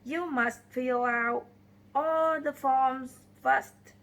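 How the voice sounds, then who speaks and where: A woman's voice: high voice, fairly even intonation, very slow, fairly bright tone, exaggerated voice. A woman reading the lines of a strict female hospital nurse in a story, in a plain read-aloud delivery. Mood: firm.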